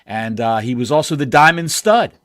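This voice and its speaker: A man's voice: mid-range voice, expressive, normal speed, crowd noise. A man co-hosting a wrestling podcast, thinking aloud and asking questions. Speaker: podcast co-host. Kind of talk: casual chat.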